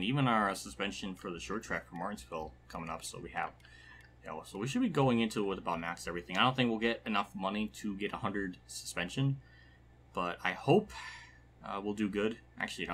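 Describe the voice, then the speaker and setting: A man's voice: lowish voice, fairly bright tone, husky. A man casually commentating his own racing game career, rambling, laughing and swearing when frustrated. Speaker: gaming channel host.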